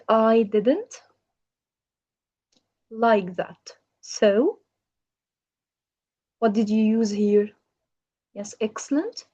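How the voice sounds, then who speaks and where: A woman's voice: a little high, mellow, lo-fi sound. A woman teaching English grammar in a patient manner, asking the learner questions. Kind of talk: grammar lesson.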